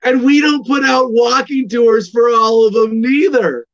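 A man doing an impression of an exasperated male comedian, with loud, drawn-out indignation. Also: very high voice, highs cut off, pitched above the performer's own voice, full character voice. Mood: indignant.

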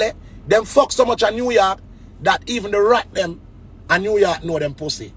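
A man's voice: high-pitched, animated, moderate pace, fairly bright tone, slightly rough. A man with a Jamaican accent in a casual comic rant, mocking people and dropping into sneering quoted voices. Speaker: DJ ranting on a web show.

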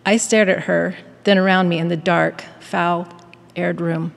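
A woman giving a prepared devotional address in a measured, earnest manner and reading a story aloud. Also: lowish voice, flat delivery, creaky, long reverb tail. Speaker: devotional speaker at a university.

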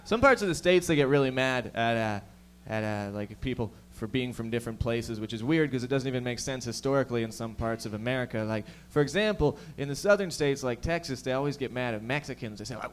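A young man from the Toronto area, Canada, hosts a stand-up set on a comedy lounge stage in a slightly high, animated voice. As comedian and host, he fires profane jokes at the crowd in rapid succession.

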